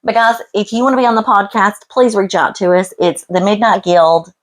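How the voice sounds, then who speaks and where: A woman's voice: mid-range voice, fairly even intonation, a little fast. Chatty woman co-hosting a podcast. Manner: chatty, says honey a lot. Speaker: podcast co-host. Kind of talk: casual chat.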